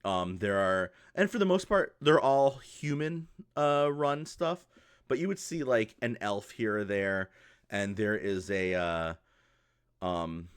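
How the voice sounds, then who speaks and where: A man narrating as game master, with a fairly low voice. His descriptions ramble loosely, with lots of "like" and restarts. The sound is dry and close to the mic. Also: expressive, slow pace, clear, resonant tone, dry recording. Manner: rambling, many fillers and restarts.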